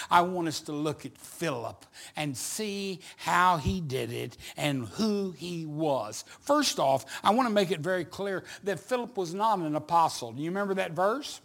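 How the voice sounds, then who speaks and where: A middle-aged male evangelist spins a story from the pulpit, his voice unusually high and bright. He takes his time, drawing out the phrases and then rising into shouts. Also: measured pace, vocal fry, few pauses. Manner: animated storyteller, builds to shouts. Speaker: evangelist preacher. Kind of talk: storytelling sermon.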